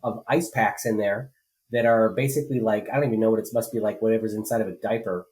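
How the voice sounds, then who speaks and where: A man's voice: lowish voice, steady tone, fast, darkish tone, rough recording. A man co-hosting a political podcast, talking casually and rambling with many fillers and restarts. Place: rural home.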